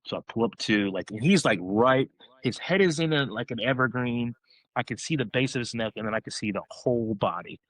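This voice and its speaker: A man on a podcast, telling a story in a casual, excited way, rambling, restarting his sentences. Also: mid-range voice, brisk, no echo, low-quality recording.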